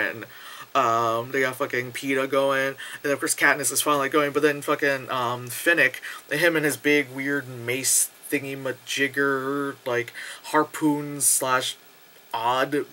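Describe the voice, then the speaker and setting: A man giving a casual spoken movie review into a nearby camera, rambling, swearing and excitable, with lots of fillers. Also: mid-range voice. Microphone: camera close to the face.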